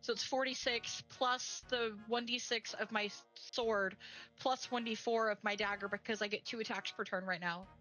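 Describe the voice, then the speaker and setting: A woman with a bright, somewhat high voice tells a long, rambling story on a casual stream. She acts out what her friends said. Faint music plays behind her. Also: steady tone, moderate pace, rough recording. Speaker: co-streamer, game jam teammate.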